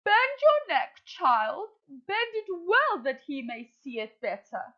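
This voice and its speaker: A woman voicing a proud, bossy mother crow in a storybook play read aloud, with a shrill, exclamatory, theatrical delivery. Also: huge pitch swings, slow, heavily acted. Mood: excited, bossy. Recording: dull lo-fi recording.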